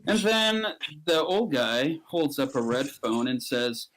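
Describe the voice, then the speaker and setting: A man improvising a comic story, jumping into high, squeaky character voices as he narrates. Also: sing-song, slow, a bit bright, a little hiss or hum, low-quality recording.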